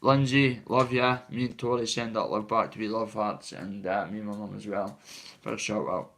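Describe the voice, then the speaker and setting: A man chatting on a live stream from a family home, talking fast and bluntly, swearing and giving shout-outs to viewers. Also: lowish voice, steady tone. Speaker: livestreamer. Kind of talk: casual live-stream chat. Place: a family member's home, indoors.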